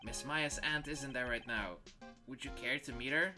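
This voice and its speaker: A man's voice: mid-range voice, normal speed, over music. A man playing a game with friends, casually reading lines and cracking jokes that make himself laugh. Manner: jokey, ad-libbing, laughs at own jokes. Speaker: game streamer. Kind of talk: casual game playthrough, reading dialogue aloud.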